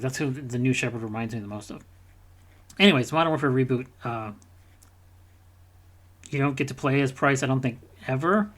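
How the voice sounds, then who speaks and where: A man co-hosting a casual gaming podcast, rambling and swearing, dropping into quick mocking character voices. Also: mid-range voice. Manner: rambling, profane, mimics characters in quick asides. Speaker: podcast co-host.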